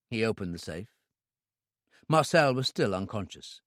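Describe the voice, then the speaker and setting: A man narrating a thriller in the first person, measured and wry. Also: fairly low pitch, lively intonation, a bit bright, no echo, studio quality. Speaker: audiobook narrator.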